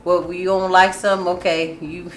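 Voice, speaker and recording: A woman hosting a casual talk show, chatting openly and breaking into loud laughter. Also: fairly low pitch, moderate pace. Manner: laughs often, loud bursts of excitement. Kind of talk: casual chat. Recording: echoey room with faint noise.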